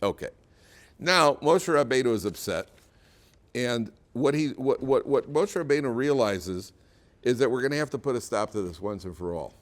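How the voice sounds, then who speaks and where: A man, a rabbi, giving a Torah lecture to students in a classroom, telling the story vividly and acting out the characters. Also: medium pitch. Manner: lively storytelling, acts out characters.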